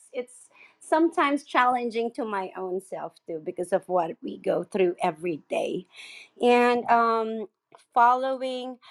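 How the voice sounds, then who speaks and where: A woman who works as a chakra healer, sharing in an earnest, spiritual way with many pauses. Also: a little high. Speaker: chakra healer speaking in an audio room. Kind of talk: heartfelt casual sharing.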